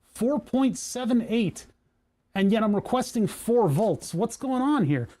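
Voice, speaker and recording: A man's voice: very high-pitched, expressive, a little slow, warm tone. A man who streams on Twitch, chatting casually to himself while tinkering at his workbench, grumbling and joking.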